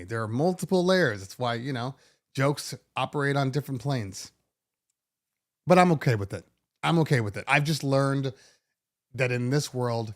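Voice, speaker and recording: A middle-aged man hosting a DJ podcast, talking casually in an animated, sarcastic way with many restarts. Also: medium pitch. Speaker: DJ podcast host. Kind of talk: casual monologue.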